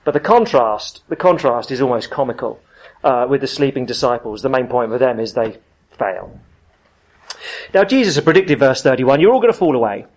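A man preaching a sermon in a conversational, emphatic way, dropping to soft, earnest tones. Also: mid-range voice, expressive, normal speed, rough recording.

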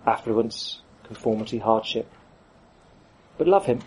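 A man's voice: fairly low pitch, measured pace, a little mellow, slight background noise. A man preaching a sermon, acting out the voices of the people he quotes.

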